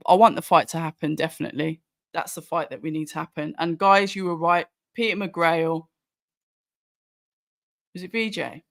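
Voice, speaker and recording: With vocal fry and a mid-range, slightly bright voice, a Brummie-accented host from Birmingham, England, gives casual live chat commentary on a watch-along stream. He answers viewer comments and restarts often. Studio quality, no room sound.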